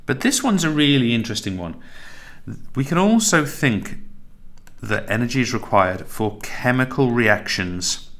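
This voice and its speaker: A man's voice: sits low, a bit bright. A man teaching a recorded tutorial lesson, chatty and self-correcting, laughing at his own slips.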